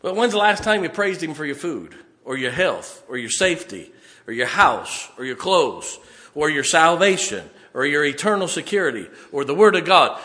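A man preaching a fiery, folksy sermon, building emphatically to loud peaks. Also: a little high, big pitch swings, normal speed. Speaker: pastor. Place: church sanctuary.

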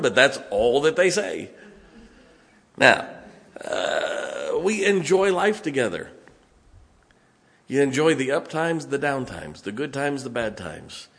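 A middle-aged pastor with a West Virginian accent delivers a sermon in a relaxed, folksy manner. His pitch sits in an ordinary middle range for a man, and he talks to the congregation as if telling stories to friends. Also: measured pace. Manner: folksy, conversational preaching with asides and chuckles.

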